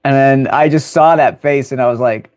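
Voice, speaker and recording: A young American man chatting on his livestream, telling stories in a loose, rambling way. He laughs often and stumbles through fillers and restarts. His voice sits at an ordinary middle pitch. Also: normal speed, a little mellow, clear, resonant tone. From United States. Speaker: livestream host. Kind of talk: casual storytelling on a livestream.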